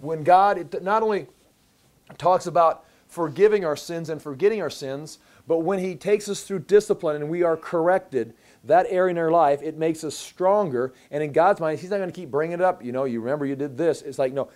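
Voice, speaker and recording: A pastor teaches a Bible passage conversationally, reading scripture aloud and often repeating words as he restarts. His voice is on the high side and a little mellow, at a moderate pace.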